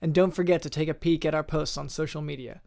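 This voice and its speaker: A man's voice: fairly high pitch, fairly even intonation, fast, gravelly, darkish tone. A man hosting a podcast, chatting playfully and reading a jokey scripted outro. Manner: playful, wraps up with thank-yous. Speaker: podcast host. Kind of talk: casual chat and scripted outro narration.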